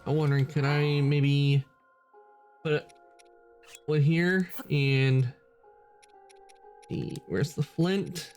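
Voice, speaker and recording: A man's voice: on the high side, extremely slow, pauses often, darkish tone, faint music behind. A man streaming a game, chatting casually and rambling with lots of filler words. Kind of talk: casual gameplay chat.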